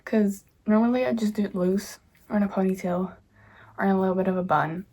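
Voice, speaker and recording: A young woman talks into her camera at home, rambling cheerfully and drifting off topic. Her voice sits at an ordinary middle pitch, easy and conversational. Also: fairly even intonation, a little fast, darkish tone, husky. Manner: chatty, easily sidetracked, bubbly. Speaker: author and vlogger. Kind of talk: casual rambling chat. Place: home indoors.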